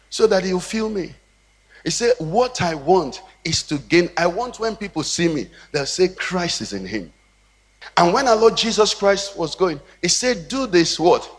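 Man, Nigerian English accent, pastor, sermon, high voice, call-and-response cadence, long church hall reverb. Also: a bit bright. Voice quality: rhythmic preaching cadence with call-and-response questions.

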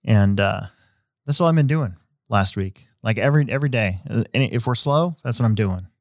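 A low-pitched man hosting a relaxed podcast chat, rambling along with fillers and restarts. His voice sits dry and close on the mic, with no room around it. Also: normal speed, dry recording. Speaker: host; hobby shop owner.

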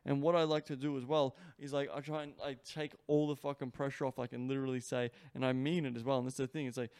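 A man talking solo on his podcast, cursing constantly and leaning hard on "like" between thoughts. His voice sits at an everyday middle pitch. The sound is dry, with no room around it. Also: level tone, fast, a little mellow, smooth, dry recording. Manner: profane, emphatic, heavy use of "like" fillers. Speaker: podcast host and sex coach.

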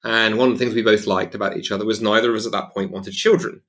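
A man's voice: fairly low pitch, steady tone, fast, a bit bright. A middle-aged British man with a British accent, co-hosting a podcast, joking and repeating himself as he talks. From Britain. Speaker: podcast co-host and preacher. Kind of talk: casual chat.

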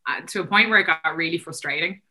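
Chatty Irish woman, bright voice. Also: lowish voice. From Ireland. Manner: quick chatty talk full of fillers. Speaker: guest. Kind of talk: casual conversation.

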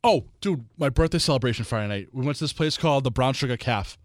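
Quick, animated man telling stories. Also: mid-range voice, dry recording, studio quality. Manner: animated storyteller, acts out quotes. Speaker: podcast co-host. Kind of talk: casual chat.

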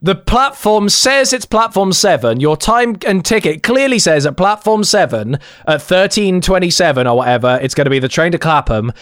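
Lively young man telling stories. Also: high voice, normal speed, few pauses, no echo, clean studio sound. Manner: animated storyteller who acts out other people's voices. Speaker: podcast host. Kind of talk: casual podcast chat.

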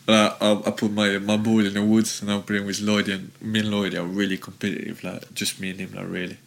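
A man's voice: on the low side, fairly quick, gravelly. A man, a former footballer, guest on a podcast, telling long rambling anecdotes with lots of fillers. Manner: rambling, filler-heavy, animated storytelling.

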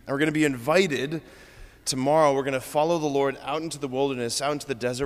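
A man, a Catholic priest, giving an earnest, informal homily with many fillers in a church. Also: mid-range voice. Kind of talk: conversational homily. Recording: long church reverb.

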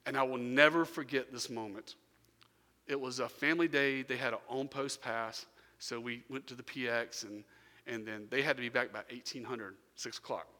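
A man preaching a sermon, telling a story and swinging from quiet, low passages to loud, raised bursts. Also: fairly even intonation, normal speed. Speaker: pastor. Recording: long hall reverb.

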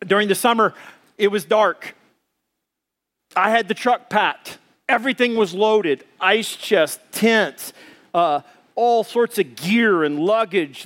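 A man in his thirties preaching a sermon as pastor, telling stories with lively voices for the people in them. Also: high voice. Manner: animated storytelling, acts out voices of others. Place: church auditorium with audience.

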